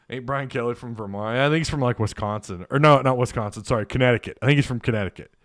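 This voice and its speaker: A man hosts a casual sports live stream, reading viewer comments aloud, joking, laughing, and thinking out loud. His voice is on the high side with a fairly bright tone. The recording is dry and of studio quality.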